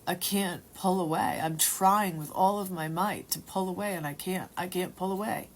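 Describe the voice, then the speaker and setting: A woman at home telling a personal story in a rambling, halting way, sometimes dropping to a whisper. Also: lowish voice, fairly even intonation. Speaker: testimony speaker.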